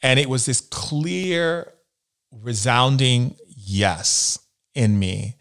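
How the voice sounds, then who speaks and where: A man's voice: mid-range voice, drawn-out words, a bit bright. A man from the United States, a spiritual healer as interview guest, telling stories and acting out the voices he quotes. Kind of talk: storytelling in a conversation.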